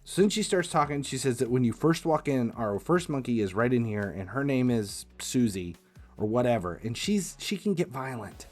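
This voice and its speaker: A man hosting a livestream, telling a casual anecdote in an animated, exasperated way with casual swearing. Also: medium pitch, normal speed, faint music behind. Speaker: livestream host. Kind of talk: casual storytelling.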